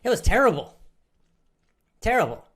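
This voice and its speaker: A woman's voice: medium pitch, sing-song, normal speed, fairly bright tone, husky. A woman from Georgia in the United States telling a personal story to language learners in simple, emphatic words with a lot of repetition. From Athens, Georgia, USA. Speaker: English-learning podcast host.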